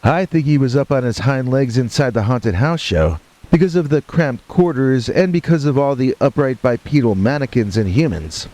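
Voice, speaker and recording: Over a backdrop of rain and thunder, a man tells a horror story in the first person, his delivery deadpan and matter-of-fact, dotted with wry asides. His voice sits at a medium pitch and moves at a normal speed.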